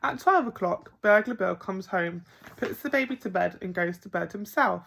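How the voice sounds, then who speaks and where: A woman reading a picture book aloud to children as a primary school teacher, expressive and playful. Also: mid-range voice, normal speed, creaky, a little hiss or hum. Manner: expressive, with gasps and playful emphasis.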